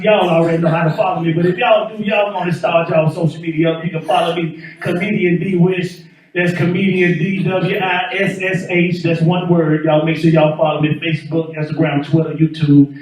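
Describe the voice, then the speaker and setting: A man's voice: on the high side, steady tone, fast talker, a little mellow. Male comedy host, loose patter. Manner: loose, self-promoting patter. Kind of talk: stand-up hosting. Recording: echoey room from far off.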